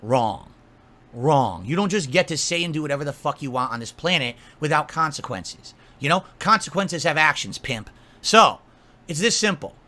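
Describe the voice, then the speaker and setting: A man with a high, bright, forceful voice tears into someone in a profane rant. He scolds and mocks as he goes, stacking insult on insult. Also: animated, brisk. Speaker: streamer. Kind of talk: angry rant to camera.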